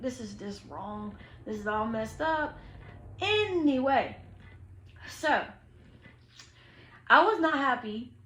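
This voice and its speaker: A young woman, telling a story to her viewers in an animated, slangy way, acting out what people said. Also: on the high side, echoey room, slight background noise, poor audio. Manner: animated, slangy, quotes people in lively voices. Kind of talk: casual storytime chat.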